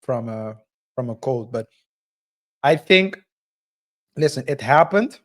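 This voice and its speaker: A man co-hosting a podcast, talking casually in a halting, hedging way. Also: mid-range voice, expressive, fairly bright tone. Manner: slow, halting, hedging with fillers. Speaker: co-host.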